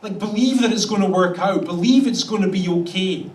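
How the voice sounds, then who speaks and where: A Canadian pastor with a high voice and slightly quick delivery gives a conversational sermon, wry throughout and taking on the voices of the people he quotes. It's recorded in an echoey church hall, and he sounds a little distant.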